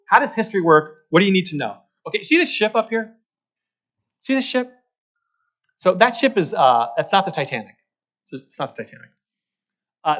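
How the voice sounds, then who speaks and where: Animated man giving a luncheon talk. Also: fairly high pitch. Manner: animated, repeats key points, asks "okay?" often. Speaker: guest speaker, market strategist. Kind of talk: luncheon talk to a club audience.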